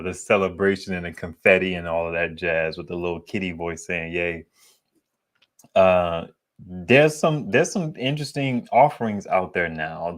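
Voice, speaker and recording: A man with a deep, bassy voice chatting casually to his viewers about solar gear, rambling and slangy. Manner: rambling, digressive, slangy and candid. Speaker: solar equipment YouTuber. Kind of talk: casual vlog chat.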